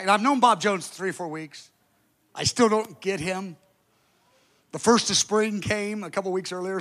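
A high-voiced man preaches as a pastor, telling a story with animation. He jumps from loud outbursts to hushed asides and acts out the people in it, in a kind of sermon storytelling.

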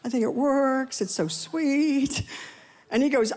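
A woman's voice: slow pace, darkish tone. Woman preaching conversationally. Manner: conversational, playful asides to the congregation; acts out quoted voices with rising pitch. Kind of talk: sermon.

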